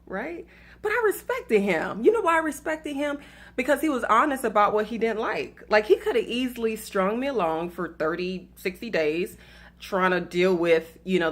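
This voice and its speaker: A woman's voice: medium pitch, fairly bright tone. A woman from the US South with a Southern accent, giving faith-based dating advice in a chatty, playful way and talking straight to her viewers. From Atlanta, US South. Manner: chatty, playful, laughs at her own story; addresses viewers directly as y'all.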